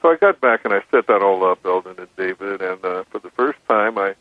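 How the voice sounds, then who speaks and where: A man calling in as a radio guest, telling his story in a measured way with frequent restarts. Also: deep voice, dry recording. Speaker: guest describing his recording experiments. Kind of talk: phone-in radio interview. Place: on a phone call to a radio show. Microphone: telephone. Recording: dry tinny phone line.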